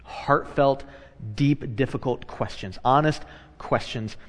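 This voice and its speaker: A man, a pastor, preaching a sermon in a conversational way, moving between hushed and loud animated passages and repeating phrases for emphasis. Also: mid-range voice, slow, long reverb tail.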